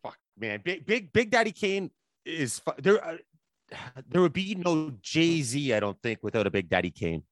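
Profane enthusiastic host, dry sound. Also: male voice, fairly high pitch, very animated, no echo. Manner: enthusiastic, profane, halting restarts. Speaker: podcast host. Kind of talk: casual chat.

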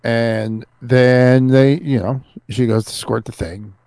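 A man with an average pitch co-hosts a casual podcast and tells anecdotes in a relaxed way. The recording is dry and close, with no room echo. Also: takes it slowly, smooth. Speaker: podcast co-host. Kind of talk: casual chat.

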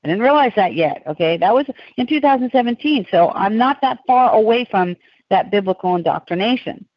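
A woman's voice: medium pitch, brisk, no echo. Woman telling rambling stories, lo-fi podcast. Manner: rambling, animated, digressive storytelling. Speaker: podcast guest. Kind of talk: casual podcast storytelling.

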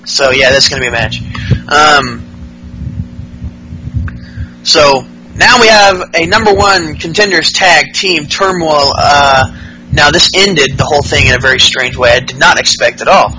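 A man's voice: fairly high pitch, a little slow, sharp tone, faint music behind, poor audio. A man hosting a podcast, giving a casual, rambling and profane recap of wrestling shows, full of fillers. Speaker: podcast host.

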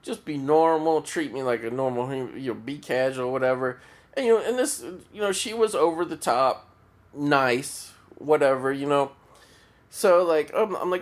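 A man's voice: medium pitch, normal speed. A man hosting a solo podcast, telling a story in a rambling, profane way with many restarts. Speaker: podcast host.

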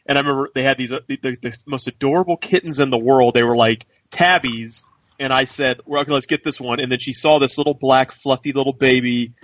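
A man's voice: medium pitch, steady tone, brisk, a bit bright, dry recording, muffled recording. A man co-hosting a podcast who rambles and jokes, often restarting his sentences in casual chat. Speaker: podcast co-host.

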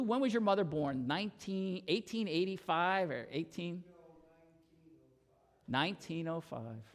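Male pastor, sermon; earnest storyteller, somewhat high-pitched and gravelly. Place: church sanctuary. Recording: long reverb in church hall.

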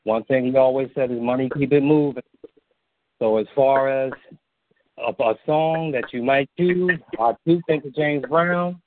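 Male caller, holding back tears, halting speech, heartfelt pauses, dry phone-line sound. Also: medium pitch, no echo. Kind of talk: emotional tribute on a call-in show.

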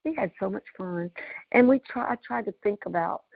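A middle-aged woman with a drawl tells a heartfelt story in a folksy, emotional way. Her voice is gravelly and a little husky. It comes through dry, dull, lo-fi video call audio. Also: mid-range voice, normal speed, dry recording. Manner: folksy, emotional, often laughing. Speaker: community call host.

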